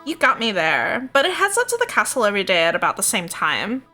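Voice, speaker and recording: A woman's voice: medium pitch, wildly swooping pitch, fast, pushed and bright, faint music behind, heavily acted. A woman putting on a chirpy Valley Girl. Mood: breezy. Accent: American Valley Girl.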